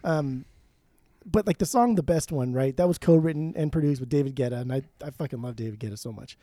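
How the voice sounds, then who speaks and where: A man's voice: mid-range voice, fast, dark tone, no echo, clean studio sound. A man co-hosting a casual podcast, talking enthusiastically, swearing often and breaking into sung snippets. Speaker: podcast co-host. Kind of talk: casual chat.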